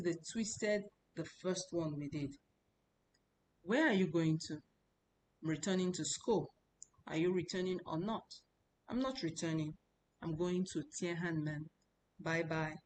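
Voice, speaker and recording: A woman with a low voice teaches a class, repeating each word and drilling the tones over and over. A faint hiss sits under her voice. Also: darkish tone, poor audio. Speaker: language teacher. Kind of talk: classroom lesson.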